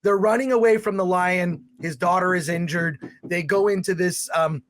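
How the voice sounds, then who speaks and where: Man, high pitch, casual movie review, rambling, exasperated. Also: moderate pace, slight background noise. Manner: rambling, exasperated, with restarts and loud outbursts. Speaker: film reviewer, live stream host.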